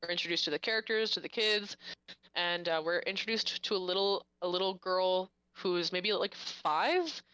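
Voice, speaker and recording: A woman with a bright, forceful voice that comes across smooth and crisp, chatting casually and eagerly retelling a plot. Her voice is slightly low for a woman, and the sound is dry and close with little room echo. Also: moderate pace. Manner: chatty, animated plot recap. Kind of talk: casual chat.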